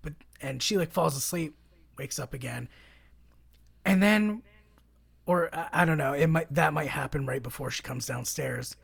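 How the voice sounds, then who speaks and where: Podcast co-host, woman, gravelly husky voice, laid-back film recap. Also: low-pitched, moderate pace, long pauses. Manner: relaxed retelling with many fillers. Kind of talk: casual film discussion.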